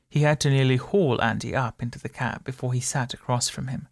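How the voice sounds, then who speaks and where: A man reads a story aloud at a steady, measured pace on a close studio mic. His mid-pitched voice has a gravelly texture, and the recording is dry, with no room sound. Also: no echo. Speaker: narrator. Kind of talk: audiobook narration.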